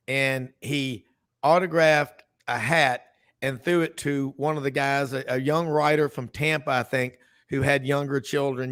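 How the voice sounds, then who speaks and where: A sports radio host talks in a rambling, chatty way, piling up asides and restarting his sentences. His voice sits fairly high for a man. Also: fairly bright tone, smooth. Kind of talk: casual sports talk.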